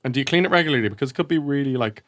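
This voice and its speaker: A man's voice: medium pitch, animated, racing, a bit bright. A young Irish man co-hosting a podcast, telling rambling anecdotes in casual chat and laughing often. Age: young adult. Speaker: podcast co-host.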